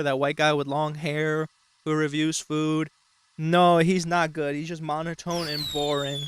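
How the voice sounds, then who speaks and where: A man's voice: fairly high pitch, fairly bright tone, smooth, no echo. A man hosting a show, talking in a rambling, mock-serious casual way with frequent swearing. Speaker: show host. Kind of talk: casual comedic commentary.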